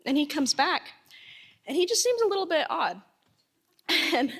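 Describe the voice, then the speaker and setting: A woman's voice: high voice, a little fast, fairly bright tone. A woman telling a funny anecdote at a memorial, acting out the quotes with laughter. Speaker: memorial speaker. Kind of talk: storytelling at a memorial. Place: hall at a memorial service.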